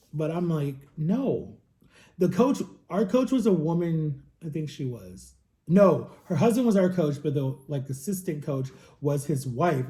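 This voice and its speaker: A man with a slightly high yet very mellow, dark voice tells a casual story to his viewers. He rambles freely, with many fillers and side remarks. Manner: rambling, chatty, lots of fillers. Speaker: vlogger.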